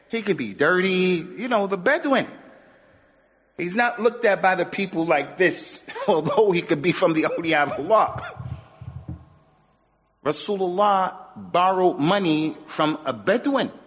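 A man with a high-pitched voice delivers a sermon, hammering his points with emphatic repetition and Arabic phrases. His voice rings with a long hall reverb, and the recording is muffled. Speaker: preacher.

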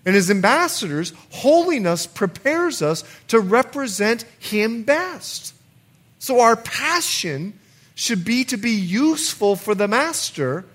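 A man preaching a sermon as pastor, building to emphatic outbursts and easing into soft, quiet appeals. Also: very high voice, sing-song, slow pace.

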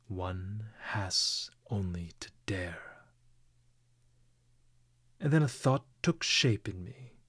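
A feverish, brooding young man confesses slowly and intensely, as a man reads him in an audiobook. His low, gravelly voice sometimes sinks to an unvoiced whisper. The sound is dry and close. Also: no room sound.

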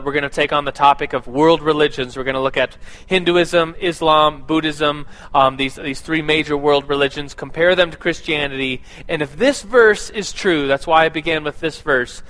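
A man's voice: fairly high pitch, pushed and bright, low-quality recording. A man giving a casual, conversational sermon and church announcements, with a lot of fillers and restarts.

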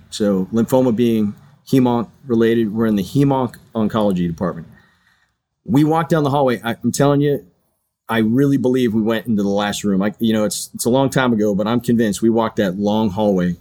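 A man's voice: mid-range voice, a little mellow. Earnest middle-aged man telling his story. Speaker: guest, retired fighter pilot and chaplain. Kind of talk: personal storytelling in an interview.

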